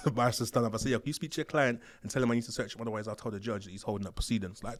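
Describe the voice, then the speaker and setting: A man telling stories from his days as a prison officer, slangy and animated, acting out the voices of the people he describes. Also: lowish voice, racing, few pauses, dry recording. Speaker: interview guest, former prison officer. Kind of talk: casual storytelling. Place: studio.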